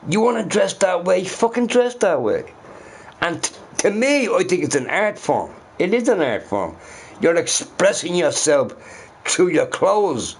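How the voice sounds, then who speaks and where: A man's voice: sits high, big pitch swings, unhurried, breathy edge. A man in a casual ranting monologue who swears a lot and keeps asking his listeners "right?". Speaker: vlogger.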